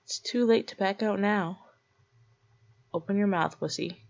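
A woman's voice: mid-range voice, measured pace, vocal fry, a little mellow, lo-fi sound. A woman performing a scripted audio role-play in a mocking, teasing and domineering way.

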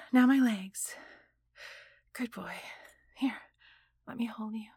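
A woman playing a breathy, flustered wife, whispered role-play. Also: fairly high pitch, slow, dry recording, studio quality, full character voice. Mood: tender. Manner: alternates hushed whispers with pleading outbursts. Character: flustered married woman, tied up, hiding a secret. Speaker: voice actor in an audio role-play.

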